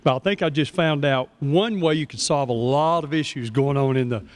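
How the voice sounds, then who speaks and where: A man's voice: fairly high pitch, normal speed. Genial man emceeing a banquet. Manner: genial, joking, easygoing. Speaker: master of ceremonies. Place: banquet hall.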